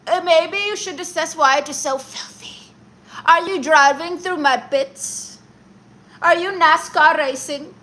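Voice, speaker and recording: A mocking, exasperated male podcast host, as a woman puts him on lectures his viewers on a comedy livestream. The voice sits high and rings bright and sharp. He scolds in a lecturing tone.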